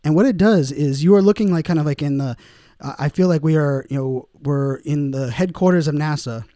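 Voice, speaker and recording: Podcast host, male, loose rambling delivery, mellow tone, slightly higher voice, close dry sound. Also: fairly quick, no echo. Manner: rambling, many fillers, laughs at own puns. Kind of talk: casual solo podcast monologue.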